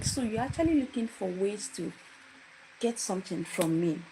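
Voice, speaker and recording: A young woman with a medium-pitched, animated voice tells a personal story on a livestream at normal speed. She's casual and emphatic, repeating phrases to drive them home. Loud background noise and clicks run through the recording.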